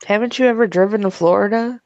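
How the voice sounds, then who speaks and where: A woman's voice: mid-range voice, fast talker, a little mellow, no room sound. A woman chiming in with teasing, blunt remarks in a casual chat, on a dull, dry lo-fi recording.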